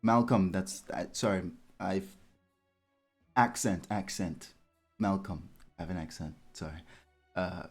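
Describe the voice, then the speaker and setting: A man playing a tabletop game, talking in a rambling, hesitant way while trying to smooth things over. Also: low voice, darkish tone. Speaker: player. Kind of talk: tabletop role-play.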